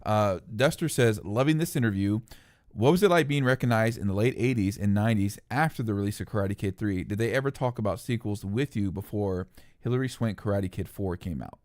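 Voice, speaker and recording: A male host chatting casually in an interview, relaxed, giving brief agreements and reading out viewer comments. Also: fairly low pitch, fairly quick, no echo, clean studio sound.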